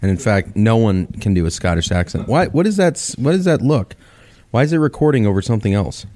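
A man's voice: on the low side, sing-song, brisk, dark tone. A man, a priest, joining a casual podcast chat as a guest and joking around.

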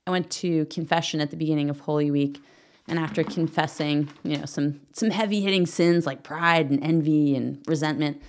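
A middle-aged woman hosting a faith podcast, gently teaching, leading prayer and reading aloud in an earnest way. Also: deep voice, fairly even intonation, normal speed. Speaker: podcast host.

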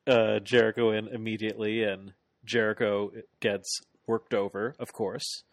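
Low guy rambling thru a wrestling recap, super dry sound. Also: unhurried, dry recording. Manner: rambling, animated play-by-play with lots of fillers. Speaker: podcast co-host. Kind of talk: casual chat recapping a wrestling match.

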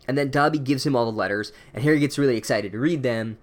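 A man's voice: mid-range voice, quick pace. A young man recapping a book chapter with sarcastic, profane comedy and mock-academic asides.

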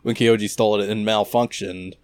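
A man's voice: fairly low pitch, fairly even intonation, a little fast, dry recording. A man co-hosting a casual podcast, recapping an anime with wry, profane remarks and frequent restarts. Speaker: podcast co-host.

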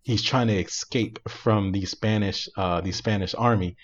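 A man co-hosting a casual movie review chat, retelling scenes in an animated, slangy way. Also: fairly low pitch, normal speed, highs cut off. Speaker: podcast co-host reviewing movies.

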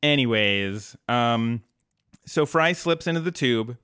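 A man's voice: mid-range voice, expressive, slow, fairly bright tone, clear, resonant tone, dry recording. A man co-hosting a podcast, recapping an episode in casual chat with dry jokes. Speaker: podcast co-host.

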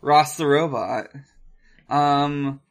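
A man co-hosting a podcast, chatting casually and reading a gamebook aloud with loose, halting phrasing and plenty of swearing. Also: on the high side, steady tone. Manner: loose and profane, halting with restarts and fillers while reading.

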